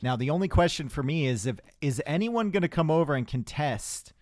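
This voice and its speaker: A man's voice: fairly high pitch, animated, fairly quick, dry recording. Chatty young male game caster, dry sound. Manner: chatty, rambling asides with the chat. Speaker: esports caster. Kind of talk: live game commentary.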